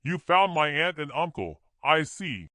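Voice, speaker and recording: A man's voice: on the high side, very animated, unhurried, sharp tone, no room sound, voice pushed up, full character voice. A man putting on a mocking scheming woman. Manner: mocking, giggly.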